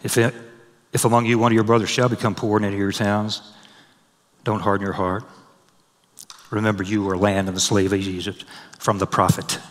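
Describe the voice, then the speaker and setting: A man preaching a sermon, swelling loud and high on scripture and dropping soft and low for personal stories. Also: level tone, a little fast, long pauses. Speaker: pastor. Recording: long hall reverb.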